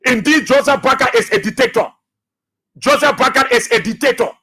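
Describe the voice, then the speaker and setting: In a radio studio, a man with a Liberian accent hosts a talk show, his very high voice brisk, sharp and edged with breathiness. He delivers a preachy, combative political monologue packed with repetition and scripture.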